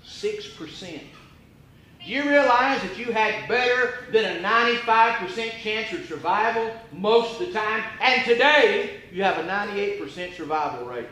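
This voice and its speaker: Evangelist, man, high and cutting delivery, hushed-to-shouting sermon, recorded live in a roomy church. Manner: impassioned, rhetorical questions, swings from hushed to near-shouting. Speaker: evangelist preacher. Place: church auditorium. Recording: echoey church room with faint ambience.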